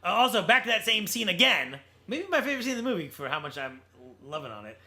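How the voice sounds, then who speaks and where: A high, bright male voice that talks in a loose, rambling way. He thinks aloud about comedy and movies and often restarts in the middle of a sentence. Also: big pitch swings, fast. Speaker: podcast co-host. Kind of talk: casual movie discussion.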